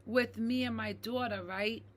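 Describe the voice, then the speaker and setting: A woman talking earnestly to her viewers, reflective and slow to repeat key phrases, often checking in with "right?" and addressing them as "you guys". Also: on the high side, fairly even intonation. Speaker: mental health advocate. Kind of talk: personal talk to camera.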